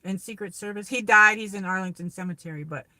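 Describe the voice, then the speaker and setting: A rambling woman with a New York accent chats casually on her livestream, reading out viewer comments as she goes. Her voice is bright and forward, and the sound is close and dry with no room around it. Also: medium pitch, fast talker, no echo. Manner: rambling, chatty, reads viewer comments aloud. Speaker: livestream host. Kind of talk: casual live chat with viewers. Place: car on a drive.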